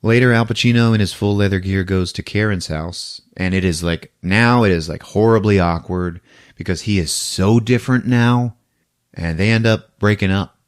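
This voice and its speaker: A man hosting a casual podcast, recapping a film with a lively, animated storytelling manner. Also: on the low side, moderate pace, smooth. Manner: animated storyteller, laughing, acts out scenes. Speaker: podcast host. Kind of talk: casual movie recap chat.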